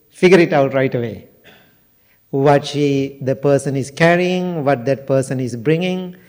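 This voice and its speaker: An older male monk in his sixties with a somewhat high, mellow voice. He teaches in a loose, conversational way and keeps turning to his listeners with questions. His delivery is unhurried. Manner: unhurried, questions the audience often. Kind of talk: conversational dharma talk.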